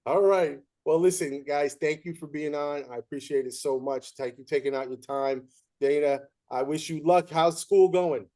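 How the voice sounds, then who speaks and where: A podcast host with a fairly high voice and moderate pace chats casually about umpiring. He's an animated storyteller, acting out the voices and quotes of players and coaches.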